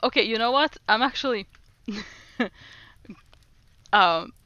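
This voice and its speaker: A woman streamer talks unhurriedly with her chat, breaking into giggles often. Her voice is bright and crisp in tone. The sound is slightly dull and lo-fi. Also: fairly high pitch, expressive, slow pace, no room sound. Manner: laughs often, chatty and giggly. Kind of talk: casual livestream chat, reading chat aloud.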